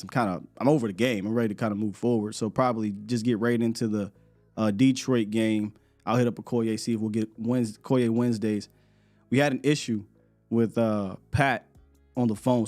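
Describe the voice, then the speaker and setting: A man hosting a live morning sports show, talking in an animated, rambling way and laughing often. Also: lowish voice. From United States.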